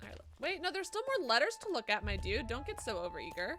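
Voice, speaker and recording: A woman streaming a game live, chatting casually with excitable, self-mocking swearing. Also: a little high, fast, soft background music. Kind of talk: casual live let's-play chat.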